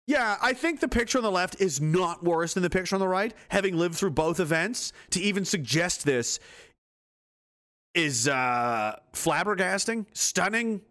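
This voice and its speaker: A man's voice: high-pitched, expressive, normal speed, fairly bright tone. A man giving angry, profane, sarcastic political commentary.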